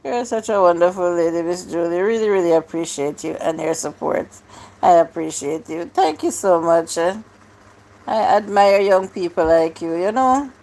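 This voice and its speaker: A woman's voice: fairly low pitch, lively intonation, moderate pace, a little mellow. A woman hosting a live stream, chatting casually and answering her viewers' comments one by one.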